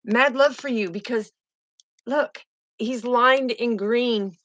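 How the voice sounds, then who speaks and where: A woman's voice: on the high side, slow pace, fairly bright tone, no room sound, highs cut off. Fervent woman giving a tarot reading. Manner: fervent, repetitive, emotive. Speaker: tarot reader.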